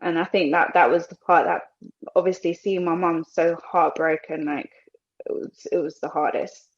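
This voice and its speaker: A woman's voice: fairly low pitch, moderate pace, muffled recording. A young woman from Colombia with a British English accent, telling her story as a podcast guest and slipping Spanish phrases into her English. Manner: animated, acts out other people's lines. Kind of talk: casual storytelling.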